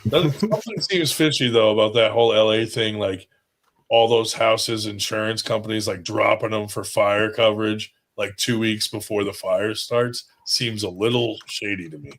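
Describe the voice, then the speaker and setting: A man with a fairly low voice hosting a casual podcast. He rambles loosely and swears freely as he talks. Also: moderate pace, fairly bright tone. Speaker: podcast host. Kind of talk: casual chat.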